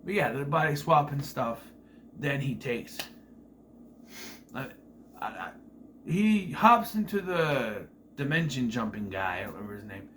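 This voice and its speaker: A man's voice: mid-range voice, big pitch swings, unhurried, long pauses, a bit bright, slight background noise. A man giving a casual spoken review of a TV season, rambling with frequent fillers and self-corrections and the odd wry, incredulous aside.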